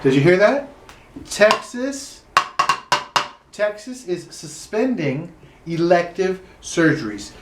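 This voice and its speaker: High-voiced sarcastic comedian man. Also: sing-song, slow, pauses often, echoey room, noisy background. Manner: swearing, sarcastic, rising to exaggerated outrage. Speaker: standup comedian. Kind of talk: solo comic rant. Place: his own room.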